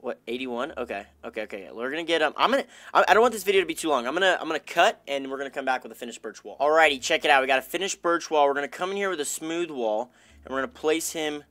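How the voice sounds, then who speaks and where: A man's voice: a little high, very fast, no room sound. A young man giving casual, chatty commentary over his own gameplay, talking to himself and his fans. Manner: chatty, self-talking, upbeat, bursts of excitement. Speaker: gaming YouTuber.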